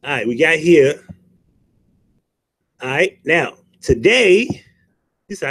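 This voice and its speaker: A man's voice: medium pitch, big pitch swings, slow, long pauses, a bit bright, dry recording. A man hosting a casual livestream who curses freely, jokes, and greets chatters by name. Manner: profane, joking banter, greets chatters. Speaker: livestream host.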